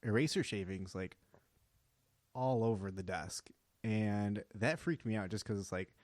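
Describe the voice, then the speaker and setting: Man, twenties, low voice, dry close sound, chatty comedian, laughs through stories, filler-heavy. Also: a little slow, no echo. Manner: animated storyteller, laughs often, heavy "like" fillers. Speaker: comedian guest. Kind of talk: casual podcast chat. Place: a house.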